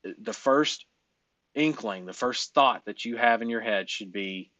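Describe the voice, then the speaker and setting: A man's voice: medium pitch, a little slow, fairly bright tone, dry recording. A man coaching on a casual group call, emphatic and loose-talking, swearing and laughing often.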